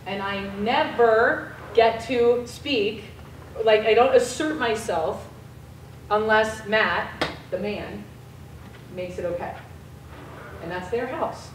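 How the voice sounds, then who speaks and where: An American woman giving a guest lecture to a class, telling a story in a frank, casual, lively way. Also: fairly high pitch, normal speed, slight background noise. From United States. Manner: animated storyteller, casual and frank with mild swearing. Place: lecture room. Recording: echoey room, voice from far off.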